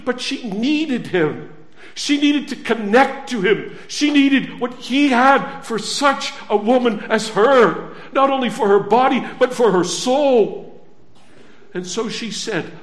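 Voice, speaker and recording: High-pitched guy preaching a sermon, slow and emphatic, repeats himself a lot, echoey church sound. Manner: emphatic, repeating phrases, swinging from hushed to loud.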